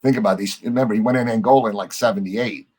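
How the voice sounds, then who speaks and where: A middle-aged man, a podcast guest, telling a story in a lively way, acting out the lines of the people in it and swearing casually. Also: on the low side, fast talker, husky. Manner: animated storyteller, acts out quoted dialogue, swears casually.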